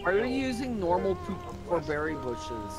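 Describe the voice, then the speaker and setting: A man's voice: high voice, sing-song, normal speed, poor audio. A man playing a group game, arguing bluntly in a casual chat. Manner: argumentative, blunt. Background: game music.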